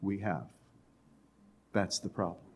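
A man preaching a sermon in a conversational way, with quiet, emphatic lines and the odd chuckle. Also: low voice, animated, slow. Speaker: pastor.

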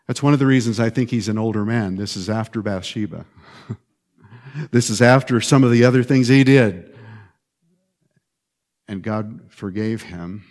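A male pastor preaching a sermon in an animated, emphatic way, swinging between loud stresses and hushed lines and repeating short phrases. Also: on the low side, moderate pace, long pauses.

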